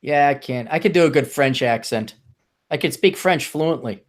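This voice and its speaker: A podcast host with a slightly high voice and moderate pace chats casually while reading a news story aloud. He adds sarcastic asides, mocking the story and laughing at it.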